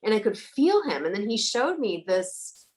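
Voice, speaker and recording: A woman guest, a psychic medium, telling stories in a casual interview, animated and laughing often, acting out the voices of the people in her tales. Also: mid-range voice, moderate pace, low-quality recording.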